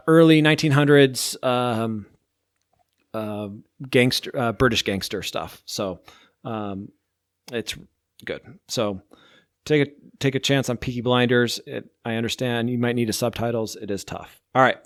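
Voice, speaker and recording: A man's voice: medium pitch, a little slow, no echo, studio quality. Rambling male podcast host. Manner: rambling, heavy use of "like". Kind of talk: casual chat, ranking TV shows.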